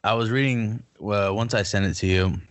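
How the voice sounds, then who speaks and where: A young man co-hosting a casual podcast chat, playful and jokey, talking in quick bursts. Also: lowish voice, fairly even intonation. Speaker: podcast co-host.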